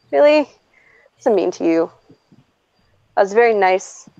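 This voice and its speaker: A woman's voice: mid-range voice, lively intonation, takes it slowly, vocal fry, darkish tone, no room sound. Blunt, swearing woman on a dull mic. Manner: blunt, swears freely, laughs often while talking. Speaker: streamer host. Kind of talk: casual storytelling chat. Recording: dull lo-fi dry recording.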